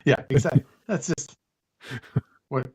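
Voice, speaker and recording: A man's voice: medium pitch, unhurried, creaky, a little mellow, slightly rough. A man hosting a live stream, chatting casually, laughing often and acting out quoted conversations. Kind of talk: casual chat.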